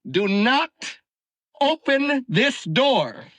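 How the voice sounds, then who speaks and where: An actor playing a theatrical, excitable young male doctor in a comedy film, declaiming grandly and then gushing with flattery. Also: very high-pitched, drawn-out words, no echo, exaggerated voice. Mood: commanding. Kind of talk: 1970s comedy film acting.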